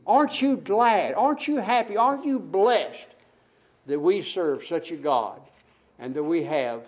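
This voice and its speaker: A man's voice: high-pitched, darkish tone. A man preaching a sermon, building his points through emphatic repetition and rhetorical questions to the congregation.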